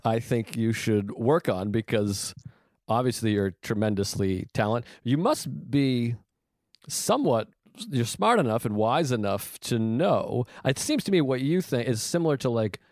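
A man's voice: mid-range voice, animated, a little mellow, no room sound, clean studio sound. Frank, profane male comedian. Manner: frank, profane, confessional and quick to joke. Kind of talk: casual podcast chat.

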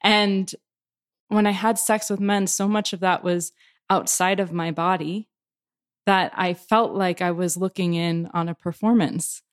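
A woman's voice: on the low side, steady tone, no echo, studio quality. A woman poet and author answering interview questions reflectively, searching for words as she goes. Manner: thoughtful, searching, halting restarts.

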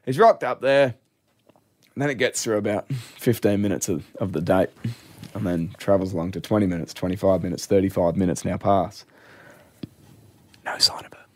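A man's voice: low voice, normal speed, long pauses, darkish tone. An Australian man co-hosting a talk show, telling jokey stories with a chuckle. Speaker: radio co-host. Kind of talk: casual banter.

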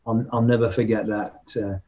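A man's voice: fairly low pitch, normal speed. Older man telling rock anecdotes. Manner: animated anecdotes, mimics drum patterns vocally. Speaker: interview guest, rock drummer. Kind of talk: casual storytelling interview.

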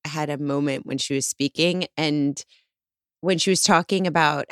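A woman's voice: deep voice, steady tone, moderate pace, a bit bright, clear, resonant tone, no room sound, studio quality. A woman co-hosting a podcast, chiming in playfully and thoughtfully. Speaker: podcast co-host. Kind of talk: casual podcast chat.

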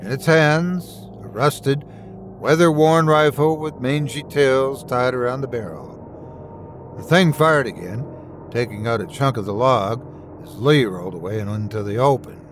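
A man's voice: mid-range voice, measured pace, slight background noise. A man narrating a first-person horror story with suspenseful, dramatic storytelling.

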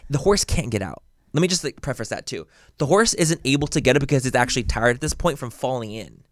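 A man's voice: medium pitch, expressive, fast, dry recording, clean studio sound. A young man co-hosting a podcast, telling a story in a rambling way with lots of fillers and swearing. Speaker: podcast co-host. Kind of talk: casual chat.

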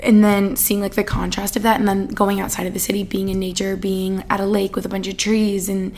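A woman's voice: medium pitch, little pitch movement, fairly quick, a little mellow, a little hiss or hum. A young woman in her twenties from the Boston area, hosting a casual solo podcast, chatty and giggly, with lots of fillers. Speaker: podcast host.

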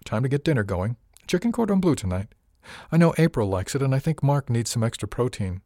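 A man voicing a composed, wealthy young woman in an audiobook, calm and matter-of-fact. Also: medium pitch, a little fast, no room sound, studio quality, pitched above the performer's own voice, close to an everyday voice.

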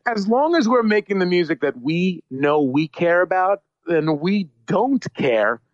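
A man, a musician guest, tells tour stories in a lively, rambling way with lots of restarts and self-mocking jokes. His voice sits a bit high. The sound is dry, dull and lo-fi. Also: unhurried, dry recording. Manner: animated, rambling, self-deprecating humor. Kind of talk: casual interview storytelling.

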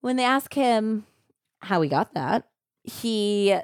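A woman hosting a true crime podcast, retelling a case in a casual, animated way with lots of "like" fillers. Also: medium pitch, takes it slowly, clean tone, dry recording, clean studio sound. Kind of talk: casual storytelling chat.

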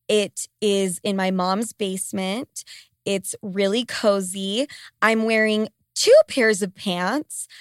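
A woman's voice: medium pitch, a bit bright, smooth, no echo. Woman, twenties, podcast host, stuffy congested voice, profane and sarcastic, rambling chatter, dry close basement studio sound. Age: 20s. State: congested with a cold. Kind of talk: casual solo podcast chat. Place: small home studio in a basement. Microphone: studio microphone.

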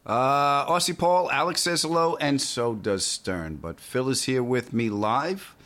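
A man hosting a comedy podcast, teasing his guest with dry deadpan jabs. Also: medium pitch, measured pace. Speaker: podcast host. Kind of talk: casual comedic chat.

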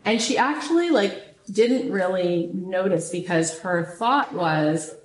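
Animated woman host telling a story. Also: on the low side, slow pace. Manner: animated, repeats phrases, frequent "like". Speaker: podcast host. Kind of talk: casual storytelling. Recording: roomy echo.

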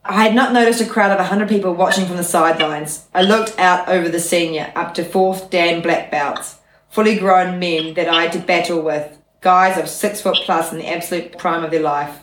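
Low-voiced woman reading a memoir aloud. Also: moderate pace, echoey room. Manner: steady reading voice broken by chatty laughing asides. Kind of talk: reading aloud with casual asides.

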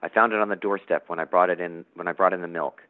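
A man reading aloud as a brisk, matter-of-fact country mother, raising his voice for her. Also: deep voice, fairly even intonation, natural voice. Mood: fond, bossy. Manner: brisk, bossy. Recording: tinny phone-like line.

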